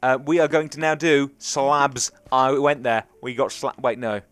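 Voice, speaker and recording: A man's voice: mid-range voice, measured pace, a bit bright, no echo. A young man with an English accent, rambling and talking to himself as he comments on his own gameplay. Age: young adult. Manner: chatty, rambling, self-talking. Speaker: gaming commentator. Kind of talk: casual let's play commentary.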